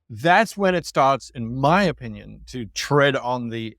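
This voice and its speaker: Lively male storyteller, dry close mic. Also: medium pitch, a little slow, few pauses, dry recording. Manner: lively storytelling, acting out quoted remarks in asides. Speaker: game master guest on an interview show. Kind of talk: conversational interview answer.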